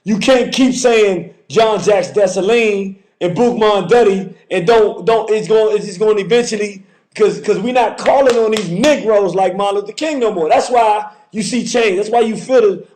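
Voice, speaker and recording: A man's voice: high-pitched, normal speed, a little mellow. A man hosting a call-in show, talking fervently with a repetitive, preacher-like cadence. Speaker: radio call-in host.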